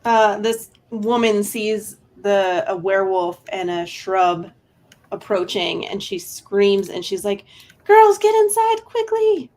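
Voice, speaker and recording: Female game master, unhurried halting narration, slight hiss. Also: medium pitch, flat delivery. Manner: halting, many fillers.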